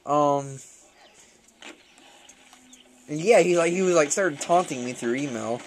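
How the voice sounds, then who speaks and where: A man's voice: fairly high pitch, moderate pace, slight background noise. A young man ranting casually and profanely while playing a shooter game, rambling and laughing often.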